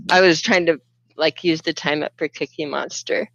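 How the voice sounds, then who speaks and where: A woman's voice: deep voice, steady tone, normal speed, creaky, muffled recording, loud music behind the voice. A woman co-hosting a podcast, chatty and laughing easily. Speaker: podcast co-host. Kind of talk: casual chat.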